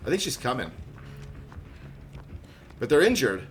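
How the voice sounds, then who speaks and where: A man streaming a horror game live, chatting with viewers and teammates, quick to laugh and yelp in surprise. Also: medium pitch, big pitch swings, fairly bright tone. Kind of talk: live gameplay commentary.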